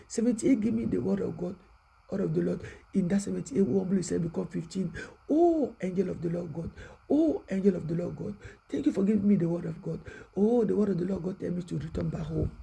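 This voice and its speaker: Gravelly, hushed preacher. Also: medium pitch, a little fast, poor audio. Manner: hushed, repetitive, prayerful. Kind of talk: prayerful exhortation sermon.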